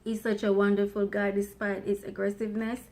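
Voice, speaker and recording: A woman's voice: medium pitch, completely flat delivery, brisk. A woman chatting playfully with her husband about their marriage, talking freely and laughing often. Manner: self-described loud mouth. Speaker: co-host, wife. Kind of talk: casual chat about marriage.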